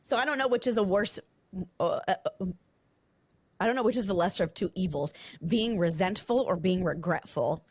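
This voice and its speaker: A woman hosting a podcast, speaking candidly and close to tears, rushing through her thoughts in quick bursts. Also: medium pitch, a little mellow, husky, no echo. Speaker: podcast host. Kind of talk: emotional podcast conversation. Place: studio building.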